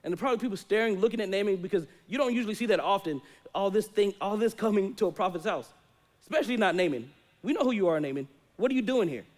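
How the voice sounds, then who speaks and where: High-pitched male preacher, animated storyteller who acts out the characters. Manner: animated storytelling, acting out quoted voices. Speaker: pastor. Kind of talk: sermon. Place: church sanctuary.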